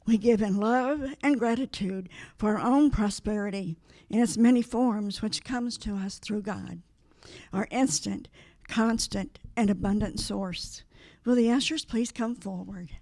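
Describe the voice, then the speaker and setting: A woman's voice: mid-range voice, unhurried, a little mellow, dry recording. A woman telling a fond story about her husband in a chatty way, then leading the church offering and a spoken blessing. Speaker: minister's wife leading offering. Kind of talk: casual church remarks and offertory. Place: church sanctuary.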